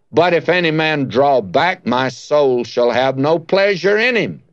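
A male preacher delivering a sermon in a slow, deliberate cadence, his voice sitting a little high and rising and falling widely as he stresses single words. The sound is dull and lo-fi, with a dry, close feel. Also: no echo.

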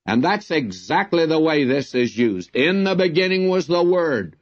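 A man's voice: on the high side, very animated. A man teaching from the Bible in an earnest, emphatic way, like a radio Bible broadcast. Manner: earnest, emphatic, slow and deliberate. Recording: dull lo-fi recording.

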